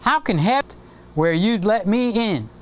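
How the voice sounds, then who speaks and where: A man's voice: high voice, animated, measured pace. A man voicing a folksy country man who travels with his dog, in a drawling, indignant way, while telling a joke.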